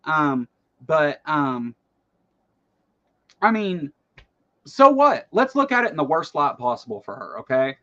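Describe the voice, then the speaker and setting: A man hosting casual political commentary, animated and rambling, with lots of fillers and swearing. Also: on the high side, measured pace, long pauses, lo-fi sound.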